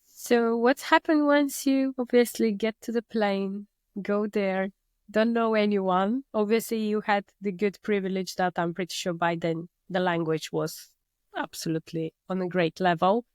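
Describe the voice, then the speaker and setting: Smooth-voiced woman hosting an interview. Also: medium pitch, steady tone, measured pace, a little mellow, dry recording. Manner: encouraging, supportive follow-up questions. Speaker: podcast host. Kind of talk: casual interview chat.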